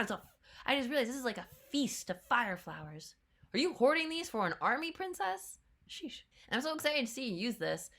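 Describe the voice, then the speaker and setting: A young woman talks through her reaction in a bright, slightly high voice. She is chatty and laughs often. Now and then she drops into quick playful character voices. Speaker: trailer reaction host. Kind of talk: casual reaction commentary.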